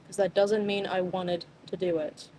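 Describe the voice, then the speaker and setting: A woman's voice: lowish voice, level tone, moderate pace, warm tone, close to an everyday voice, rough recording. A reluctant man dodges hard questions and begs to drop the subject, as a woman plays him. There is faint noise behind the voice. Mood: evasive. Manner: evasive, pleading. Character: evasive man, Cyrus.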